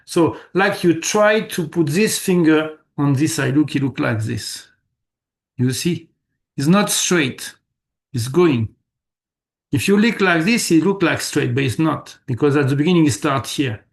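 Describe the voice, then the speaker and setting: Gravelly-voiced male meditation teacher. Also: on the high side. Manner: patient, repeats words, checks students often. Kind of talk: live online class instruction.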